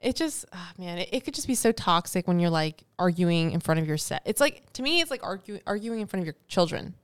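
A woman's voice: lowish voice, animated, a little fast, clean tone. A woman co-hosting a casual podcast chat, speaking frankly and earnestly with some casual swearing. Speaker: podcast co-host.

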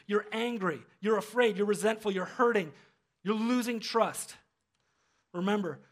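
A man preaching a sermon as pastor, animated and humorous, acting out quoted voices. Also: high-pitched.

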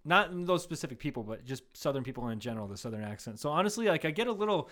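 A man's voice: medium pitch, big pitch swings, racing, a bit bright. A man co-hosting a comedy podcast, chatting casually, swearing freely and laughing often as he rambles through stories. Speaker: podcast co-host. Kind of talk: casual chat.

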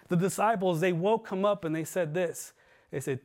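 Man, pastor, high voice, earnest sermon, drops soft for emphasis. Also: moderate pace. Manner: earnest preaching, voice dropping low and soft for emphasis. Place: church livestream.

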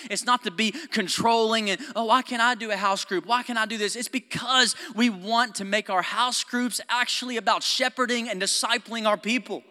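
A male pastor preaches to his congregation in a church hall with a long reverb tail. His voice sits a little high and sounds bright and forceful. He swings from loud, stirring exhortation to quiet, close talk, laughing and throwing asides to the room. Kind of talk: sermon. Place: church sanctuary.

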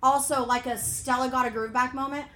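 A woman's voice: sits high, fairly even intonation, a little fast, pushed and bright. A woman in her forties co-hosting a live podcast, brash and profane, laughing as she talks. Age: 40s. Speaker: podcast co-host. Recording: noisy live venue recording.

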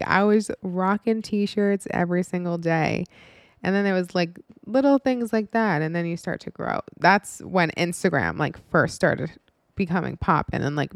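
A woman's voice: lowish voice, no room sound, studio quality. A woman in her twenties telling a personal story in a candid, frank, casual way, with some swearing and many "like" fillers.

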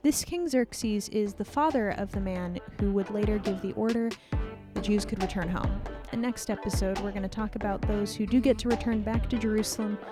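A woman podcast host narrating an old story in a lively, slangy, conversational way. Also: medium pitch, brisk, over music.

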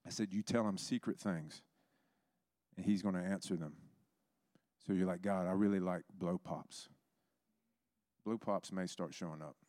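A man's voice: deep voice, normal speed, long pauses, dark tone, dry recording, clean studio sound. A man preaching a sermon, telling stories and acting out the voices in them. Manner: storytelling, acts out quoted voices.

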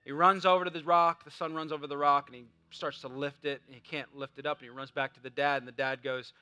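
Fervent high-voiced male preacher. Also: flat delivery, fast talker, few pauses, smooth. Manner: swings from shouting fervor to hushed storytelling. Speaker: pastor. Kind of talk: sermon.

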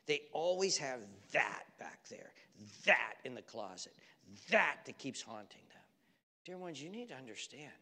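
A male preacher delivering a sermon, swinging from loud urgent exhortation to hushed near-whispers and repeating phrases for emphasis. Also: medium pitch, big pitch swings, measured pace. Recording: long hall reverb.

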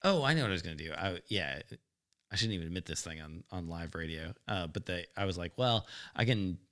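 A man's voice: low-pitched, animated, fairly quick, fairly bright tone. A man co-hosting a casual talk show, telling a rambling workshop story with lots of fillers and frequent laughs. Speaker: podcast co-host.

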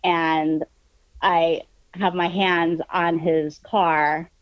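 Animated New woman telling a story. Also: lowish voice, drawn-out words, clear, resonant tone, dry recording, highs cut off. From New York. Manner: animated storytelling, many fillers, swears freely. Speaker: guest storyteller. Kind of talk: casual chat.

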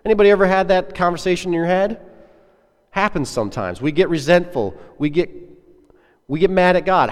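A man's voice: high voice, expressive, fairly quick, pauses often, clear, resonant tone. A man preaching a sermon as a pastor, earnest and conversational, putting questions to his listeners. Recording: echoey hall with long reverb.

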